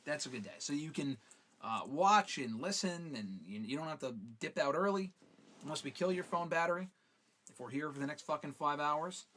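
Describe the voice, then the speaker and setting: A man's voice: on the high side, animated, moderate pace, bright, forceful tone, slight background noise. A man hosting a live fan Q&A stream. He talks casually and swears freely while reading out viewer questions. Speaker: host.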